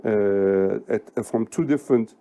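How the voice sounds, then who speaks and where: Slow, deliberate man with a dark voice. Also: on the low side. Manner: deliberate, emphatic, many hesitations. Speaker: political commentator. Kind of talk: unscripted political commentary.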